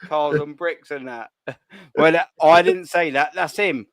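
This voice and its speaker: A man's voice: on the high side, a little slow, a bit bright. A man hosting a live fan chat, joking, laughing and swearing a lot. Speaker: live stream host.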